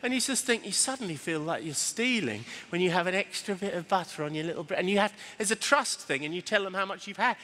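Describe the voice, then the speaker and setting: A man gives an animated seminar talk, his fairly high voice leaping up and down as he acts out quotes. His tone is bright and ringing, carried by the long reverb of a large hall. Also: fast talker, few pauses. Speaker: retail speaker. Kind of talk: lively seminar talk to an audience.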